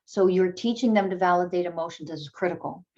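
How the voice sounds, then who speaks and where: Woman, low-pitched, blunt and emphatic, candid motivational speaker, dull muffled recording. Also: fairly quick, a little mellow. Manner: blunt and emphatic, swears freely, acts out parent dialogue in a high sing-song. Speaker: self-development speaker.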